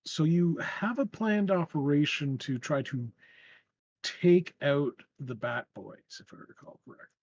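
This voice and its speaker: A man's voice: on the high side, lively intonation, unhurried, darkish tone, no room sound, highs cut off. A man running a tabletop game as game master, narrating in a rambling way with frequent restarts. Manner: rambling, with many fillers and restarts.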